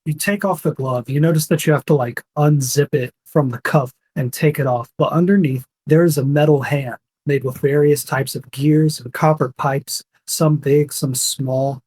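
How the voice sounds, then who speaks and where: Young male game master, husky, relaxed descriptive narration. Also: a little high, normal speed, few pauses. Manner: casual, descriptive, fillers.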